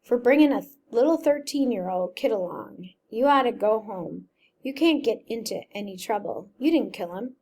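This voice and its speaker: A frightened, guilt-stricken teenage boy, voiced lightly by a woman reading a novel aloud. The voice sits a little high, with a gravelly edge. It stays close to a plain storybook reading with only a small emotional lift. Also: animated, moderate pace, darkish tone. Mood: miserable.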